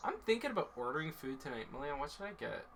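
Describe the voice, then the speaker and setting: A man's voice: a little high, very animated, very fast, a bit bright, slight background noise. A man streaming a game, chatting casually with friends and teasing them with jokes. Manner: joking, teasing, laughs often. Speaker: gaming streamer. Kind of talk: casual party chat on stream.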